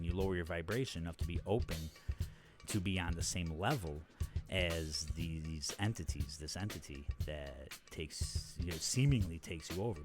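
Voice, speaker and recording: A man hosting his own podcast in a casual comedic monologue, rambling, self-mocking and full of profanity. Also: on the low side. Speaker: podcast host.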